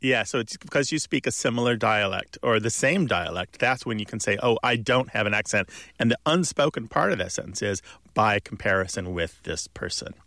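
A man's voice: fairly low pitch, animated, a little fast, creaky, bright, forceful tone, dry recording. A man co-hosting a language call-in radio show, explaining at length in an expansive, thoughtful way, with asides and chuckles.

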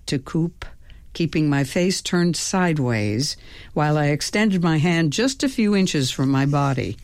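A woman with a low voice reads a novel aloud at an unhurried pace. Her narration is calm and measured as she hosts a radio reading, and the sound is close and dry. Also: no echo. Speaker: radio host and reader.

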